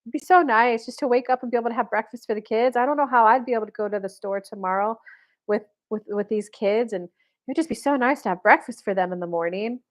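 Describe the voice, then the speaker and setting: A woman's voice: a little high, fast talker, natural voice. A woman voicing a sweet, patient young wife who asks nicely and keeps repeating her wish in a sugary, pleading way. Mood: sweetly pleading.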